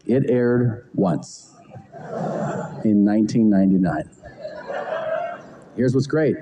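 A man doing a stand-up monologue, profane and laughing, with deadpan asides. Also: mid-range voice, a little hiss or hum, low-quality recording. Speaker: stand-up comedian.

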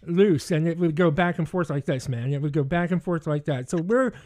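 A man telling a rowdy story in casual podcast chat, animated and often laughing through his own words. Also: on the high side, fairly quick.

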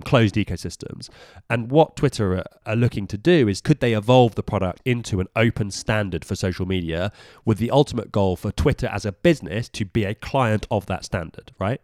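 A British man co-hosts a tech podcast, joking and then explaining things patiently. His voice sits low. The sound is dry and close. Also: a little mellow, no room sound. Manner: jokey, explanatory, chatty. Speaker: podcast co-host. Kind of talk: casual tech chat.

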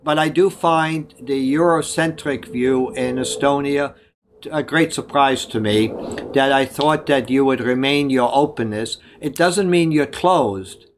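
A man's voice: mid-range voice, a little slow, slight background noise. An older man from Germany, giving discursive advice in an interview and often correcting himself mid-sentence. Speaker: guest. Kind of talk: conversational interview.

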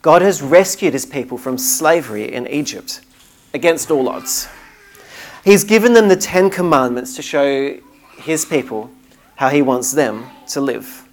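Brief: emphatic, earnest preacher mid-sermon, mid-range pitch. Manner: earnest, emphatic, with small restarts.

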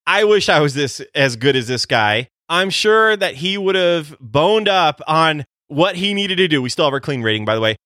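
A man co-hosting a casual podcast, his voice bright and forceful. He jokes around with wry asides as they talk. The sound is dry and close to the mic. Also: mid-range voice, no echo. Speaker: podcast co-host.

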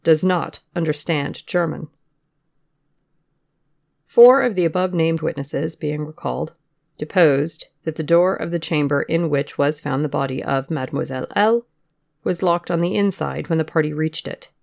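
Gravelly-voiced audiobook narrator. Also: medium pitch. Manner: measured, even-paced reading of witness testimony. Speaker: podcast reader.

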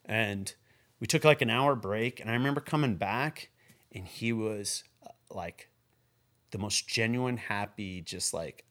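A man recalling his work as a filmmaker in a casual, halting way, full of restarts, his voice dropping soft at emotional points. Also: on the low side. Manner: halting and repetitive, many restarts and fillers; earnest, voice drops soft when moved. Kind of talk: casual spoken recollection.

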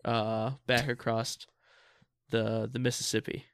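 An American man co-hosting a comedy podcast, rambling through stories with halting starts and fillers. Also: medium pitch, little pitch movement, a little hiss or hum. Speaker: podcast co-host. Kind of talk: casual comedy podcast chat.

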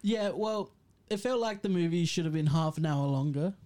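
Deadpan joker, blunt, casual podcast banter about films. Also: mid-range voice, moderate pace. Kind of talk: casual chat about movies.

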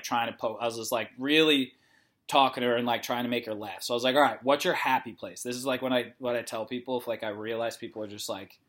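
A man's voice: mid-range voice, pushed and bright. A young man casually telling a long story, rambling with lots of "like" and acting out the dialogue. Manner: rambling, heavy use of "like", acts out dialogue.

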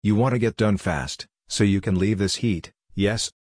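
For an audiobook, a man voices a tall, thin female police constable with an Indian accent, keeping her formal and matter-of-fact. His voice is fairly low and darkish, with fairly even intonation, a moderate pace, and light acting. The studio-quality recording has no echo.

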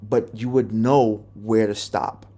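A man's voice: fairly low pitch, fairly even intonation, takes it slowly, mellow. A young man hosting a podcast, telling a personal story in a candid, profane, rambling way with many restarts. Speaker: podcast host.

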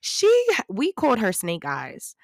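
A young woman with a New York accent, hosting a casual podcast and telling stories in a sassy, animated way with plenty of swearing. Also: mid-range voice, unhurried, gravelly, no room sound, clean studio sound. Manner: animated, sassy, swears freely, jumps into loud mocking voices. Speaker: podcast host. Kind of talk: casual storytelling chat.

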